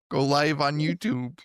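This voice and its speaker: A young man with a slightly high, smooth voice co-hosts a casual horror podcast, joking, swearing, and laughing often. The recording is dry and studio quality.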